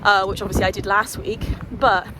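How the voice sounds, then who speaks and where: A woman's voice: medium pitch, flat delivery, fairly quick. A woman chatting casually and swearing freely as she vlogs a hill walk outdoors, holding the camera herself. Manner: chatty, sweary, self-deprecating. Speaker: hiking vlogger. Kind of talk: casual vlog chat while walking. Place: windy hillside outdoors. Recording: windy outdoor noise.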